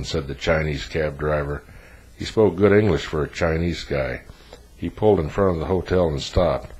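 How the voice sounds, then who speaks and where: Man, narrator, audiobook reading, very low voice, even delivery. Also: moderate pace, slightly rough, poor audio.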